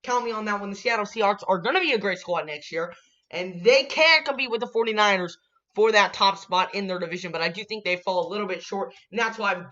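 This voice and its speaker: A man's voice: sits high, highs cut off. Hyped young guy calling playoff picks. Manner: hyped, swings from muttering to shouting. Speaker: sports channel host. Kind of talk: casual sports prediction vlog.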